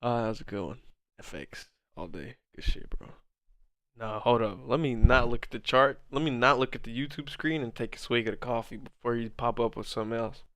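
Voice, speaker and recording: A man's voice: medium pitch, fairly quick, a bit bright, no echo, clean studio sound. A man in his twenties hosting a trading livestream, reading chat and bantering casually, laughing hard and swearing a lot. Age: 20s. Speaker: forex livestream host.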